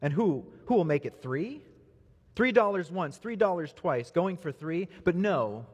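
A man's voice: high-pitched, big pitch swings, a little slow, a little mellow, breathy edge, pitched above the performer's own voice, heavily acted. A man voicing an eager male auctioneer who calls out bids in a pleading, rising voice. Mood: coaxing. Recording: reverberant hall.

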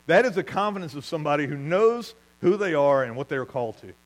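A man preaching a sermon as pastor, telling stories with lively asides and laughing at his own jokes. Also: on the high side, quick pace, low-quality recording.

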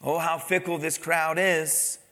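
Bright high-voiced preaching man. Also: flat delivery, measured pace, long reverb tail. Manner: dramatic preaching, acting out crowd voices. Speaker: pastor. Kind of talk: sermon.

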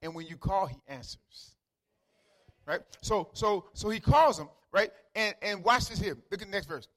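High, bright-voiced preacher with dialect. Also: male voice, animated, normal speed. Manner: conversational, repeats words, calls out to listeners by name; swings from quiet asides to loud emphatic lines. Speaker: pastor. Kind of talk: sermon.

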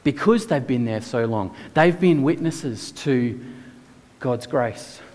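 A man's voice: medium pitch, lively intonation, takes it slowly, a little mellow. Man preaching in an echoey hall. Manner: casual and conversational, with many "like"s. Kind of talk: sermon.

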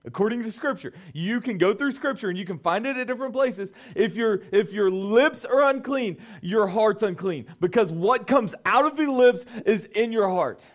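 Young man, high voice, youth pastor, casual lively sermon style. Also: moderate pace, hardly any pauses. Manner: conversational, animated preaching with rhetorical questions.

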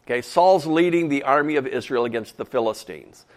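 A man's voice: medium pitch, a little fast. Male preacher, mid-range voice, easygoing sermon with chatty asides. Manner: folksy, conversational, with asides.

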